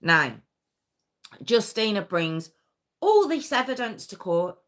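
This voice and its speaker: A woman's voice: medium pitch, sing-song, slow pace, fairly bright tone. A woman hosting a live true crime stream, telling the story conversationally with many fillers and restarts.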